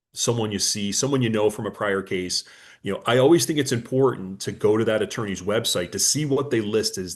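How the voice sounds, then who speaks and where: A man, an attorney, giving a conversational business webinar, telling client stories and acting out their dialogue with frequent fillers. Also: low-pitched. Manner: anecdotal, acts out client dialogue, many fillers.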